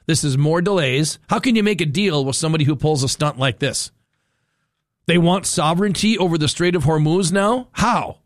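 Exasperated talk radio host, dry sound. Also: male voice, on the high side, fairly quick, no room sound. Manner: exasperated, incredulous, rambling with repeated restarts. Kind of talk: opinionated talk radio monologue.

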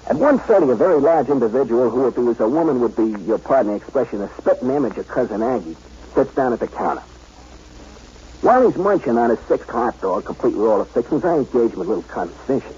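A chatty Brooklyn ex-Marine telling his tale in a 1940s radio drama. The voice is husky and mellow, swinging up and down with lively inflection. It comes through a dull, lo-fi old broadcast. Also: mid-range voice, fast. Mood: wry. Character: wisecracking Brooklyn ex-Marine drifter, talkative. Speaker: narrator and lead.

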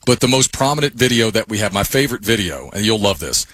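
A man's voice: fairly low pitch, big pitch swings, quick pace, fairly bright tone, no echo. A man co-hosting a podcast, telling rambling anecdotes in a casual chat.

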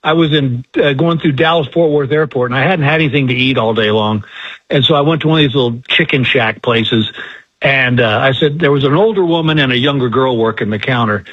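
A man's voice: mid-range voice, brisk, breathy edge, lo-fi sound. A man, a guest comedian, telling folksy, self-deprecating stories in a radio interview.

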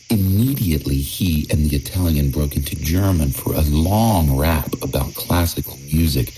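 Deep-voiced man telling a wry story. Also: lively intonation, moderate pace, hardly any pauses, mellow, a little hiss or hum, poor audio. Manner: wry and emphatic. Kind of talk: first-person story narration.

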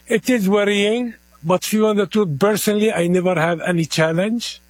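A middle-aged man with a heavy Palestinian Arabic accent answers plainly and earnestly. His voice sits a little high for a man. The sound is dry and close. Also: normal speed, dry recording. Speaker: community organizer, guest. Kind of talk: interview at an event.

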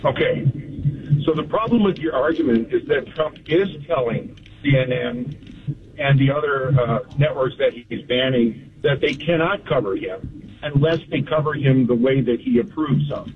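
A man calling in to a radio show who argues his point in a dry, calm and measured way. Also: mid-range voice. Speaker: caller. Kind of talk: call-in radio debate. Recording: tinny phone line.

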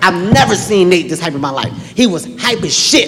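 A man telling a wild story as a stand-up comedian on a live stage, loud and animated, acting out every quote. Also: sits high, a little fast, hardly any pauses. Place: live comedy stage before a large audience. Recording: reverberant large venue with crowd.

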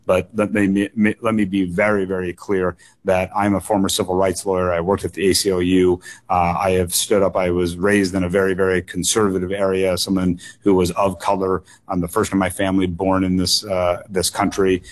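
A man with a fairly low voice, talking as a political candidate on a radio call-in show. He answers in an earnest, measured way and often doubles words for emphasis. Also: level tone.

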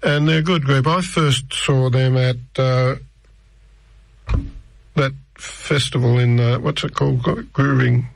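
A man's voice: mid-range voice, steady tone, unhurried, creaky, no echo. An older man, presenting tracks on the radio in a rambling, chatty way with many restarts. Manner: rambling, digressive, with frequent restarts. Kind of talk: casual radio track introductions.

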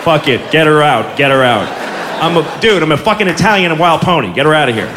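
A comedian voicing a panicking, crude wild pony during a live stand-up bit. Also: male voice, on the high side, expressive, quick pace, echoey room, background noise, voice pushed down, close to an everyday voice. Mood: panicked. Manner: urgent, frantic swearing.

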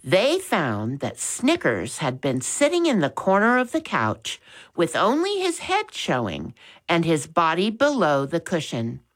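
A woman reading a children's storybook aloud, expressive and gentle. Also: lowish voice, unhurried. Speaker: narrator.

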